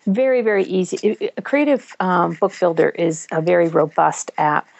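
A woman's voice: lowish voice, lively intonation, moderate pace, gravelly, darkish tone, dull audio. A woman chatting casually and enthusiastically recommending apps, with frequent fillers. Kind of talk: casual chat.

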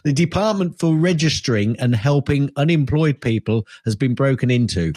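A man's voice: medium pitch, animated, normal speed, a little mellow, no echo, clean studio sound. A man co-hosting a podcast, reading tech news in a rambling, chatty way that often trails off. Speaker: podcast co-host.

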